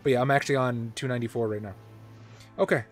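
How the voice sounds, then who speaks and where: A man in a mid-range voice runs a tabletop horror session as game master. He moves between matter-of-fact rulings and vivid scene narration. Soft music plays faintly behind him. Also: mid-range voice, steady tone, fast talker.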